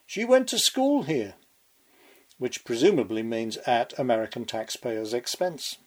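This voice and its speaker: A man's voice: medium pitch, animated, measured pace. A man delivering a scripted political commentary monologue with sardonic, sarcastic asides.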